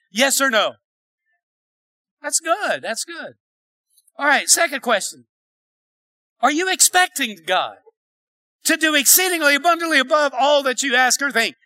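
A man preaching a sermon in church, emphatic, dropping to a hush and rising to shouts. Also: very high voice, dry recording, poor audio. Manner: emphatic, swinging from hushed to shouting. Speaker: pastor. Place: church sanctuary.

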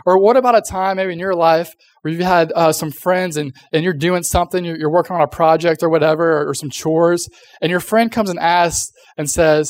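A man's voice: on the high side, brisk. Chatty young man preaching to youth. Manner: chatty, filler-heavy, acts out voices. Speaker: youth pastor. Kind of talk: casual youth sermon.

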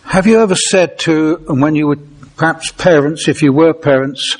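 A man's voice: on the high side, moderate pace. A man from England preaching a conversational sermon, talking directly to his congregation and asking them questions.

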